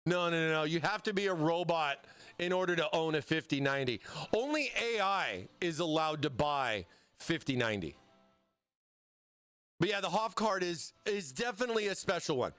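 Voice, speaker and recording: A high-voiced American man hosts a relaxed live stream. He builds a computer as he talks and keeps stopping mid-thought to answer the chat, his speech loose and conversational. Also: normal speed, clean tone, soft background music. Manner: chatty, answers chat, self-interrupting. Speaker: livestream host building a PC.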